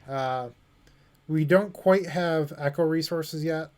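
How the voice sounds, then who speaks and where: A man's voice: a little high, measured pace, darkish tone. A young man streaming a card game, thinking aloud and joking with his chat in a casual way. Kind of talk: casual commentary while playing.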